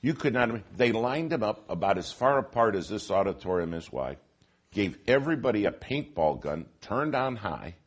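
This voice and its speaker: Deep husky preacher man. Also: moderate pace. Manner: animated storytelling, shifting from hushed to loud. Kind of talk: sermon. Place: auditorium.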